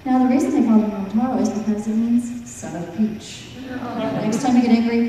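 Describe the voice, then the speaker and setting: A woman's voice: a little high, a little fast, recorded from a distance, noisy background. Woman telling a folk tale in an echoey hall. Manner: playful, teasing asides to the audience. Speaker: storyteller. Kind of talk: live storytelling to an audience.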